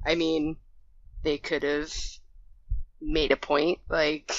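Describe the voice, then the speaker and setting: A woman chatting on a podcast in a low, unhurried voice, dropping dry, wry asides. The room sounds dead with no echo, and the recording is dull and lo-fi. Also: a bit bright. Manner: slow, dry, wry interjections. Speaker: podcast co-host. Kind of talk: casual chat.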